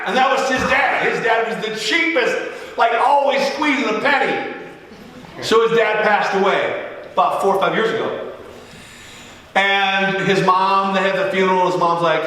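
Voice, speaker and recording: Joking pastor in an echoing church hall. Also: male voice, high-pitched, moderate pace. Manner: joking, animated storyteller who acts out dialogue. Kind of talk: storytelling sermon. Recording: echoey church hall from a distance.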